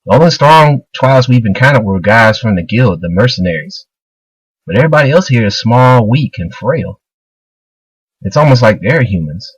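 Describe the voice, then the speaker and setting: A man's voice: mid-range voice, animated, moderate pace, slightly rough, dry recording, low-quality recording. A man voicing a young male fighter who pleads and questions, his tone earnest and troubled.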